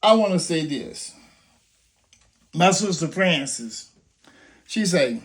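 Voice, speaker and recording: A man's voice: medium pitch, animated, measured pace, pauses often. An older man making an impassioned, preacher-like appeal, full of rhetorical questions and story scenarios. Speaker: grandfather urging people to vote.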